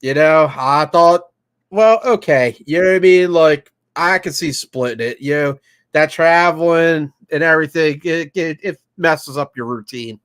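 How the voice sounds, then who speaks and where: A man's voice: on the high side, measured pace, a bit bright, clear, resonant tone. A man co-hosting a casual podcast chat over beers, easygoing and full of "man" and "you know". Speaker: co-host.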